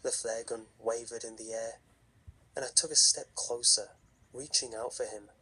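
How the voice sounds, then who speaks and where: A man reading a horror story aloud in a slow, measured, hushed narration with a husky voice. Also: medium pitch, steady tone, rough recording.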